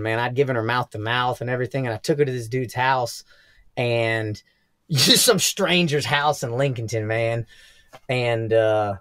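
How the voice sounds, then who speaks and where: Podcast guest: young Southern man, profane and animated, laughs through his stories, dry close mic. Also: medium pitch, no room sound. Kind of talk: casual storytelling interview.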